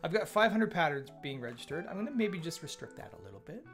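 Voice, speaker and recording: A man's voice: fairly high pitch, big pitch swings, quick pace, a bit bright. A man hosting a casual live coding stream, thinking aloud as he works and chatting with viewers as they arrive. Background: chill lo-fi music.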